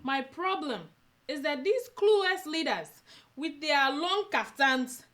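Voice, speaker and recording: A woman's voice: high-pitched, lively intonation, slow, a bit bright. A woman co-hosting, reading listener emails aloud with mock seriousness and bursts of laughter.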